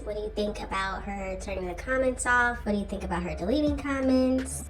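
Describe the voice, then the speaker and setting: A woman's voice: a little high, darkish tone, distant mic, low-quality recording. A woman hosting a reaction channel, critically commenting on social media drama and putting questions to her viewers.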